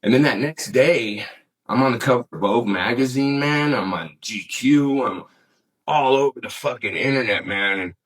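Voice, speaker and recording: A man's voice: medium pitch, moderate pace, breathy edge, rough recording. A middle-aged man telling a story as an interview guest in casual, rambling talk, swearing freely and saying "man" often. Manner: rambling, laid-back, peppered with "man" and swearing.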